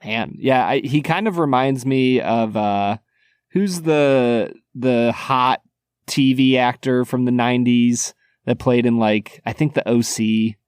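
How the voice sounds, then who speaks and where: A man's voice: mid-range voice, slow, clean tone, dry recording, studio quality. A man co-hosting a podcast in casual chat, teasing and playful. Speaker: podcast co-host.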